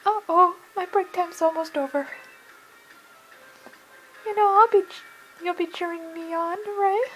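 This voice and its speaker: A woman's voice: extremely high pitch, unhurried, long pauses, fairly bright tone, faint music behind, poor audio. A woman voicing a chatty, teasing young school nurse, read aloud from a game. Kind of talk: reading game dialogue aloud.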